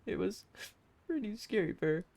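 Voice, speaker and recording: A woman's voice: medium pitch, sing-song, moderate pace, vocal fry, dark tone, voice pushed up. A woman voicing an eager, kind young female adventurer who talks in a bubbly rush with many fillers, in a visual novel game.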